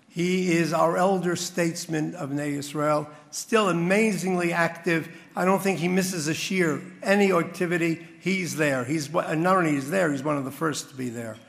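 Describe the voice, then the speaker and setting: Gravelly guy at the podium, bit high-pitched, big echoey hall. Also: a bit bright. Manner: tells a parable with a punchline. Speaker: dinner speaker. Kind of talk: after-dinner speech.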